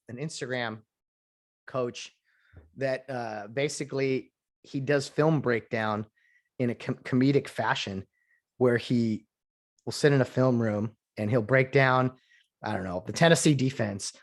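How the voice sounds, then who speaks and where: A man hosting a solo podcast, rambling through opinions with frequent restarts and asides. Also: mid-range voice. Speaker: podcast host.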